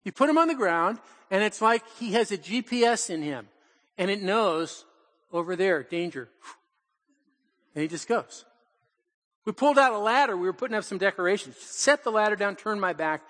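Older male pastor, high-pitched and animated, storytelling sermon, long reverb in a church. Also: moderate pace. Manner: animated, acts out quotes, laughs often. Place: church in Portland.

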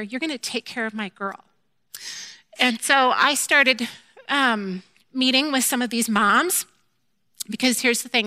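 A woman giving a candid, self-deprecating personal faith testimony, telling her story in an animated way and acting out her own quoted lines. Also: a little high, dry recording. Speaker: mother sharing a faith testimony.

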